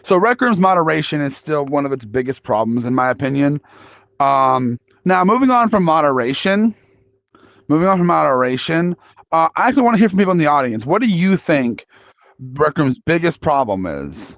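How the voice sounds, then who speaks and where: Young male panel host, gravelly and a bit high, halting casual talk, dull lo-fi sound. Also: sing-song, no room sound. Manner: halting, casual, many restarts. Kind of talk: live panel talk polling an audience. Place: convention panel room. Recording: dull lo-fi recording.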